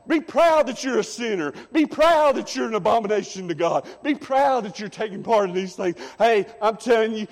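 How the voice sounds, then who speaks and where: High-voiced preacher in a reverberant church. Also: male voice. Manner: emphatic preaching with repeated "I'm telling you". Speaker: assistant pastor. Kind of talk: sermon. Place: church sanctuary.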